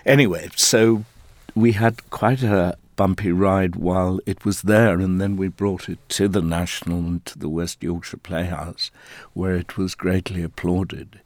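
Man, from South Africa, middle-aged, low voice, slow, deliberate, thoughtful interview answers. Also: steady tone, dry recording. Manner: measured, thoughtful, deliberate phrasing. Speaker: interviewee, stage actor.

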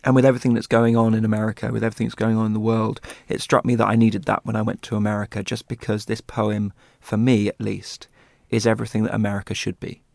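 A man's voice: fairly low pitch, level tone, fast, creaky, few pauses, a little mellow, no room sound, studio quality. A man chatting as a guest, telling an enthusiastic story about a book. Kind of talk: casual chat.

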